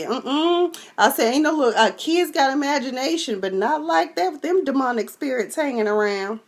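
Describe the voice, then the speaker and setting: Sassy texan woman recapping a show, high voice, acts out every scene. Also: animated, moderate pace, few pauses. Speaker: vlogger recapping a TV episode. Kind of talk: animated casual recap.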